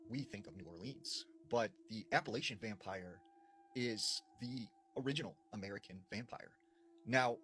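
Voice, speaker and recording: A man's voice: on the low side, a bit bright, slight background noise. A man casually retelling true horror stories as a storyteller, in a chatty style full of fillers.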